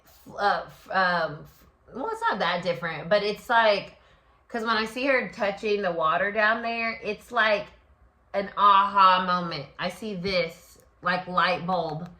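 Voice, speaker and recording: A woman gives a solo tarot reading in a bright, forward voice. She talks freely with plenty of fillers and slips into acted-out inner voices. The recording carries a noticeable echo from the room. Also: medium pitch, a little slow. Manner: expressive, many fillers, acts out inner voices. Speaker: tarot reader and astrology host.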